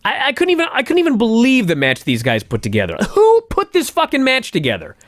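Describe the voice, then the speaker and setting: A man's voice: extremely high pitch, huge pitch swings, fast, fairly bright tone, dry recording, studio quality. A man co-hosting a casual podcast and ranting sarcastically about a wrestling show, swearing often. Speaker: podcast co-host. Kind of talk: casual profane wrestling review chat.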